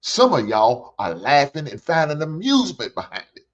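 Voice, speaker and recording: An older man hosts a reaction show, ranting bluntly with heavy profanity and preaching in repeated phrases. His slightly high voice swoops wildly in pitch at a moderate pace, captured on a dull lo-fi recording.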